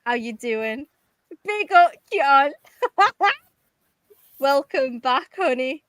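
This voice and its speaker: A woman's voice: high-pitched, lively intonation, very slow, fairly bright tone, no echo. A woman hosting a call-in stream, trading profane, mocking taunts in a heated live argument on a close mic. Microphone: close desk mic.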